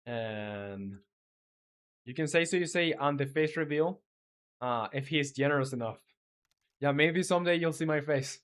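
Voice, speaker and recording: Coding live on stream, a game developer speaks English as a non-native, voicing his thoughts and answering viewers in a halting, filler-laden way; his voice is a little high and a bit bright.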